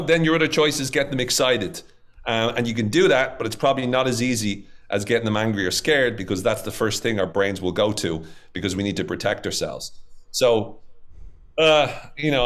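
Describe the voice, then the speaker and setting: A man talking as a podcast guest, explaining ideas in casual conversation, with many fillers and lists of examples. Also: fairly low pitch. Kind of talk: casual interview talk.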